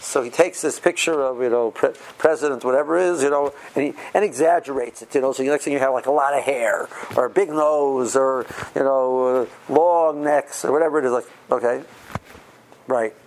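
A man's voice: medium pitch, brisk, slight background noise, poor audio. Man giving a chatty Torah class. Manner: conversational, asks rhetorical questions, sprinkles Hebrew terms. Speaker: rabbi teaching Torah class. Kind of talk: informal Torah lecture.

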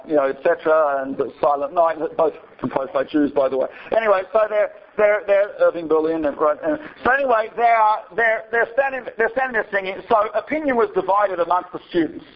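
A male rabbi telling a story to his students in a digressive, chatty lecture, often checking in with a rhetorical "right?". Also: sits high. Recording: dull lo-fi recording.

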